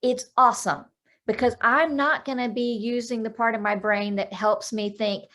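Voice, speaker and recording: A woman life coach, a guest on a podcast interview over a video call, explaining calming techniques in a practical way and counting out breaths. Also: fairly high pitch, moderate pace.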